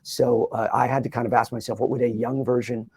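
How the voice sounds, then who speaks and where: A middle-aged man, a voice actor in an interview, talking in a lively way and dropping into quick character voices. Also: medium pitch, husky, no echo. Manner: lively, slips into character voices mid-sentence. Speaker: voice actor guest. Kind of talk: animated interview talk with quick voice impressions. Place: Los Angeles, doing press.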